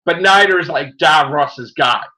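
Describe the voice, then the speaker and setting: Man, podcast host, slightly high voice, casual review chat, rambling animated retelling. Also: a little slow, rough recording.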